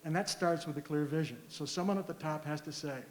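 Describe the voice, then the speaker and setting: Man, fairly high voice, earnest, deliberate, filler-heavy public comment, roomy echoey hall, faint hum. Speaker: community member giving public comment. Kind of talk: public comment at a community listening session. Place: large school hall.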